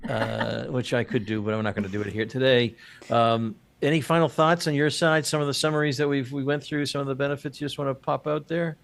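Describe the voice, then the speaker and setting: A man's voice: medium pitch, fairly even intonation, brisk, creaky. A man hosting a business podcast, chatting casually and joking, with many fillers and restarts. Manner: rambling, jokey, many fillers. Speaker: podcast host.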